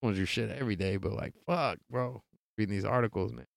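A man's voice: lowish voice, quick pace, gravelly, dry recording. A young man hosting a podcast, chatting casually about sports news in a laid-back, rambling way with lots of swearing. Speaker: podcast host.

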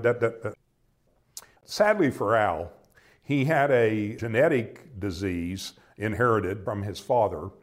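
An older American man telling a personal story in a reflective, halting way, often quoting conversations. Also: on the low side. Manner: reflective, halting, with many restarts and quoted dialogue.

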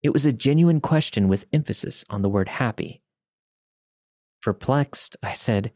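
A man narrating a first-person horror story in a steady, wry manner, recorded on a studio microphone. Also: lowish voice, a little slow, no echo.

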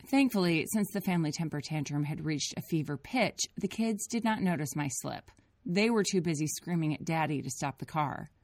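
Low-voiced woman narrating a family memoir. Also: animated, normal speed, darkish tone, no echo. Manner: earnest, reflective storytelling. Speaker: parent narrating her own story.

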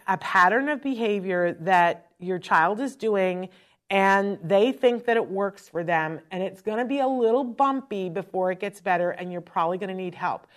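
Middle-aged woman, host, chatty advice talk, animated storytelling, frank, mid-pitched voice. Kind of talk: live-stream advice talk.

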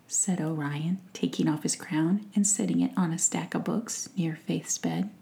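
A woman narrating a bedtime story in a hushed, soothing whisper. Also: low-pitched, unhurried, vocal fry, hardly any pauses.

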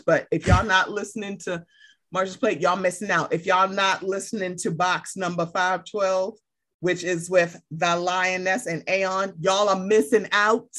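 Animated woman giving playful shout-outs. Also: mid-range voice. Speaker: podcast guest. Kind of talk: casual chat.

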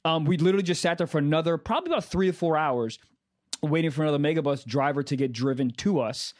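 A man telling a story in casual podcast chat, animated and acting out the people he quotes, with lots of fillers. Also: on the high side, fast talker.

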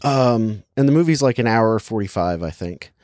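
A man's voice: on the low side, lively intonation, normal speed, darkish tone, no room sound. A young man casually chatting and reviewing a movie, rambling with lots of filler words and laughing easily. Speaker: podcast co-host reviewing a movie. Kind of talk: casual chat.

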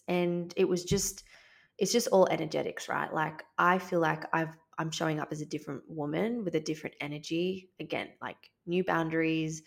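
A young woman talks openly as a guest in a casual interview, with plenty of relaxed "like"s in her speech. Her voice sits low and carries a steady gravelly fry. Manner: chatty, lots of "like" fillers, candid. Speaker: podcast guest.

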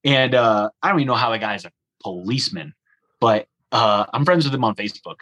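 Speaking a little fast in a mid-range voice, this young man shares a travel story in relaxed conversation, animatedly performing the lines of dialogue and using "like" constantly. The audio is rough.

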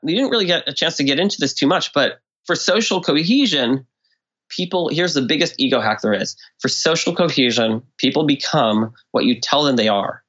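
A man's voice: a little high, moderate pace. Guy on a podcast explaining stuff, acts out little quotes, kinda dull lo-fi audio. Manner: animated, acts out quoted speech with swings in tone. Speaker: guest expert. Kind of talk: conversational explanation.

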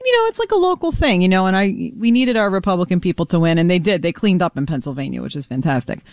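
A woman who talks fast and with plenty of animation, her voice landing at a middle pitch. The studio sound is dry and close. She tells stories with gusto and acts out everyone's lines. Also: very animated, darkish tone, no echo. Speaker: radio co-host. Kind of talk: casual talk radio banter.

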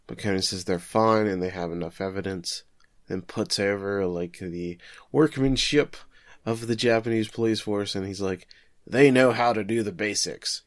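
A man's voice: sits low, no room sound, clean studio sound. A man co-hosting a casual podcast, recapping an episode with joking, sarcastic asides. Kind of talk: casual chat.

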